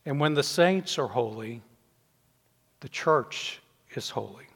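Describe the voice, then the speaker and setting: An older man delivers a sermon at an even, middle pitch. He preaches in a measured way, his voice sinking softly at the ends of phrases. The sound carries a long reverb from a church sanctuary. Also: husky. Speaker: pastor.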